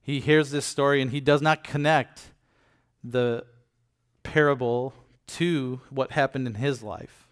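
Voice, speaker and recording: A man's voice: mid-range voice, steady tone, measured pace, clean tone. A man giving a casual Bible teaching, retelling scripture in everyday words and checking in with listeners. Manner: addresses listeners with frequent "okay?" and "right?". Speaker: preacher.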